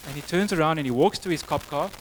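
A man's voice: fairly high pitch, fast, slight background noise, poor audio. A man preaching a sermon, telling a story in a conversational way before moving to prayer. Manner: storytelling, conversational with acted quotes.

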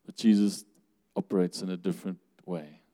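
A man's voice: sits low, little pitch movement, moderate pace, warm tone. A man preaching a sermon in a conversational way, asking the congregation questions and laughing now and then. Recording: long hall reverb.

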